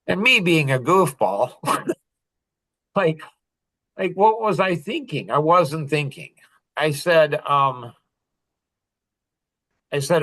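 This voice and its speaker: A man's voice: a little high, expressive, slow, pauses often, a bit bright. A middle-aged man hosting a podcast, telling a personal story in an earnest, confessional way with small laughs between phrases. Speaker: podcast host. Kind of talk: casual storytelling talk.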